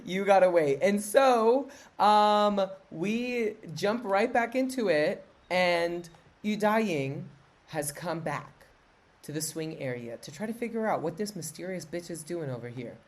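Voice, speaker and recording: A woman's voice: on the low side, expressive, measured pace. A young woman co-hosting a podcast, recapping a TV drama in playful, gossipy casual chat. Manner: playful, gossipy, bursts into campy impressions. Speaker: podcast co-host.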